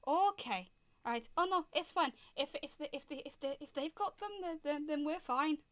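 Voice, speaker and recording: A woman voicing a tiny blue kilted male bagpiper in a Scottish accent, gruff and indignant. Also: high-pitched, moderate pace, natural voice. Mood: flustered.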